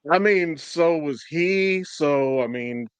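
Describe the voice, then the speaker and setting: A man's voice: fairly high pitch, slow, smooth, no room sound. A man hosting a podcast in casual chat, swearing a lot, rambling and laughing often. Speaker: podcast host.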